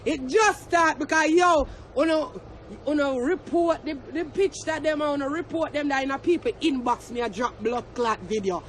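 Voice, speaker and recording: A man with a Jamaican accent ranting and taunting to the camera, shouting and cursing in a heated vlog. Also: very high voice, normal speed, slight background noise. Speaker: social media personality.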